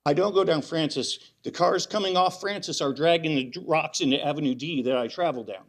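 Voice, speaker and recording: A man speaking up at a county hearing, his voice pitched high and strained with agitation. He is worked up and insistent, hammering the same points again and again. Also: fairly quick. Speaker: resident giving public comment. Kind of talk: public comment at a county hearing.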